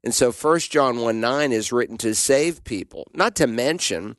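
A man's voice: mid-range voice, expressive, moderate pace, no room sound, studio quality. A man teaching the Bible on a radio call-in show, answering questions in an emphatic, preaching manner.

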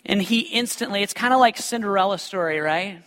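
In a large hall with long, ringing reverb, a male pastor preaches briskly in a high, bright voice. His sermon mixes scripture with lively personal stories, and he tosses joking asides to the congregation, keeping the delivery animated and full of humor.

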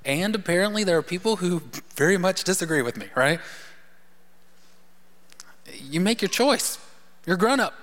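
A man preaching a sermon, telling a story in an animated way and dropping to a hushed voice for emphasis. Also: sits high, moderate pace, long pauses. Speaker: pastor. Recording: long hall reverb.

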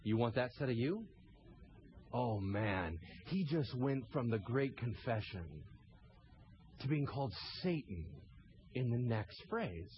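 A man preaching a sermon as pastor, animated, acting out scenes with sudden shouted asides. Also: medium pitch, takes it slowly, long pauses, dull audio, slight background noise.

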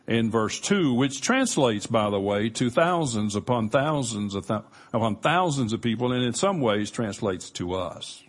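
A man preaching a sermon as pastor, earnest and emphatic, with measured pauses. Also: mid-range voice.

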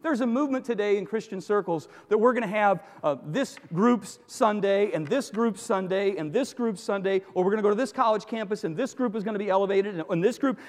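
A man's voice: high-pitched, big-room sound. A man preaching a sermon as pastor, emphatic, with repeated phrases and rhetorical questions.

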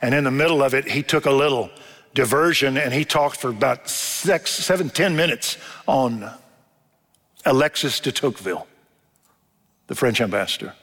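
A man's voice: mid-range voice, moderate pace, a bit bright. An older man preaching a sermon in a church, telling stories in a folksy way and acting out what people said. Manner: folksy storytelling, acts out quotes. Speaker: pastor. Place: church sanctuary. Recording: long reverb of a church hall.

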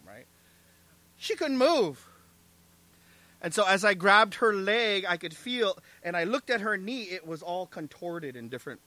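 Casting note: male pastor with a bright, forceful sermon voice, emphatic and rhetorical, dry close sound. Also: high-pitched, dry recording. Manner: emphatic preaching with rhetorical "right?" and "amen?".

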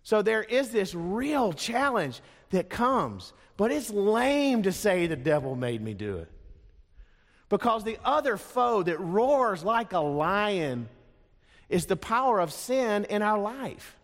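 Male pastor preaching, kinda high voice, punchy pauses, long hall echo. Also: animated. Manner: emphatic, dramatic pauses on key words. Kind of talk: sermon. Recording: long reverb of a large hall.

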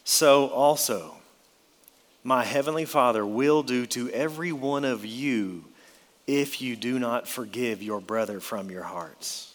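A man's voice: medium pitch, takes it slowly, big-room sound. A man preaching an expository sermon, emphatic, with his voice rising and dropping for effect.

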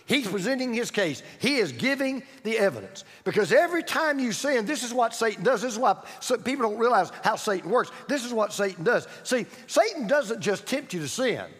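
A male pastor preaching a sermon emphatically, repeating key phrases and swinging from loud to hushed. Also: very high-pitched, big pitch swings, a little fast, hardly any pauses, slightly rough, big-room sound. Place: church sanctuary.

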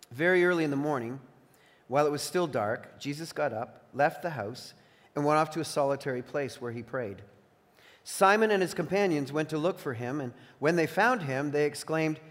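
A male pastor preaching in a church, reading scripture aloud with slow, emphatic pauses. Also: a little high. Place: church sanctuary. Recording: long reverb in a church hall.

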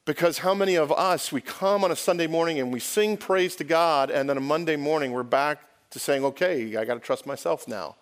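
A man's voice: on the high side, a little fast, few pauses, clean tone. A man from the United States preaching a sermon to his church, conversational, often asking the congregation questions and restarting phrases. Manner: conversational, self-correcting, asks the congregation questions. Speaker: pastor. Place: church sanctuary.

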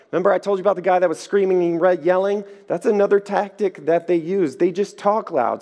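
A man's voice: high-pitched, fairly quick, hardly any pauses. Man preaching in an echoey hall. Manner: lively storytelling, acts out voices. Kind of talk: sermon.

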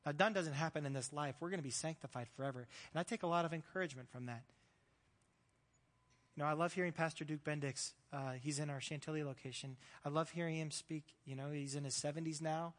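A man preaching a sermon as pastor in a relaxed, conversational way, mixing in jokes and acted-out quotes. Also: on the high side, fast, big-room sound. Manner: conversational, joking, acts out quoted voices.

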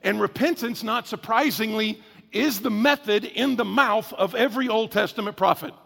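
Gravelly high-voiced preacher in a hall. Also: male voice, fairly bright tone. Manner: conversational, emphatic preaching with drawn-out stresses. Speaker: pastor. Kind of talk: sermon. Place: church.

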